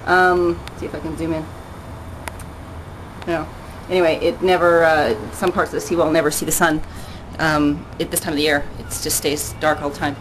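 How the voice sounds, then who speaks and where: Out on her balcony, an older vlogger talks into a handheld camera after working out, a bit breathless. Her voice is deep, her delivery flat and moderately paced, and she rambles casually about fitness while laughing a lot. The audio is poor, with a little hiss or hum.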